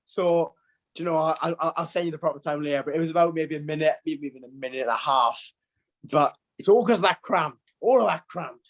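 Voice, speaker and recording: A teenage man guests on a podcast, and his voice sits a little high for a man. He tells stories in a lively, self-mocking way, full of stumbles and quick laughs. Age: teens. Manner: animated storytelling, laughs and stumbles. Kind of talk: casual podcast chat.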